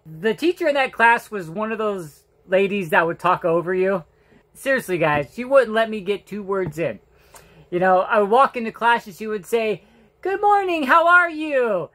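High-voiced joking middle-aged man. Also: lively intonation, a bit bright. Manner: joking, self-mocking, laughs at his own stories; halting, with restarts and repeated words. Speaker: vlogger. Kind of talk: casual storytelling monologue.

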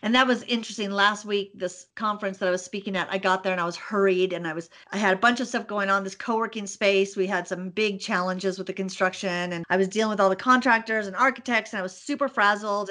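Middle-aged woman, podcast guest, animated storyteller, laughs easily. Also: mid-range voice. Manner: animated storyteller, laughs often, acts out her own thoughts. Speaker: podcast guest, business owner. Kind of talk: casual interview.

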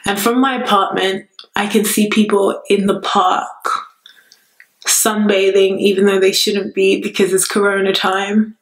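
A woman from Nigeria vlogging casually at home, chatty and excitable, a little out of breath. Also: medium pitch, measured pace. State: a bit out of breath. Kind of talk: casual vlog to camera. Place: her apartment. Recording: roomy echo with faint music.

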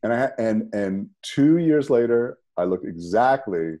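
A man, a podcast guest telling a personal story in a conversational, animated way. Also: lowish voice, a little slow. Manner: animated, rises sharply when emphatic.

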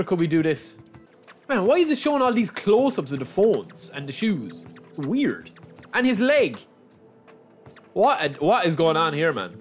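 Excitable young man, lively pitch. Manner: excitable, chatty, keeps calling viewers lads. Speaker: gaming YouTuber. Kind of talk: casual gameplay commentary.

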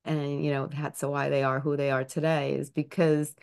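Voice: medium pitch, level tone, normal speed, gravelly, darkish tone, smooth. A podcast host asking questions in an agreeable, encouraging way with frequent short affirmations. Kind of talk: casual interview talk.

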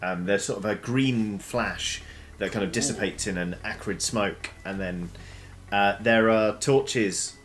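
A man's voice: fairly low pitch, unhurried, fairly bright tone. A man running a tabletop game as dungeon master, rambling with many ums and restarts.

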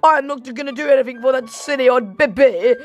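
A woman hosting let's play game commentary, excitable and shouty, with mock-formal asides. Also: sits high, fast talker. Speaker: gaming channel host.

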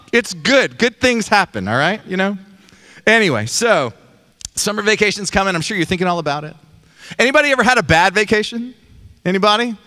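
A man's voice: high-pitched, bright, forceful tone, clean tone. A man pastor, preaching a chatty, joking sermon to his congregation in a church. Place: church sanctuary.

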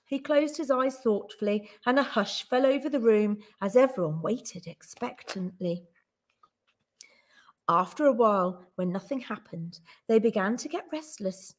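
A woman teacher reading a children's story aloud with expressive, animated storytelling. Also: a little high, measured pace.

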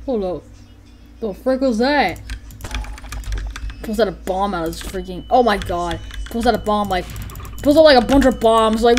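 A woman giving excitable gameplay commentary, rambling with lots of "like" and "freaking" and breaking into yelps and shouted sound effects. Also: mid-range voice, normal speed, pauses often, a little hiss or hum.

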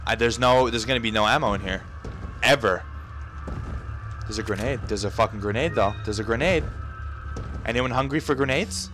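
A man's voice: mid-range voice, normal speed, pauses often, soft background music. A young man commentating a video game, frantic and profane, swearing and yelping as he plays. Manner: frantic, swearing, yelps and shouts. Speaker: gameplay commentator. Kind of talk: profane let's-play commentary.

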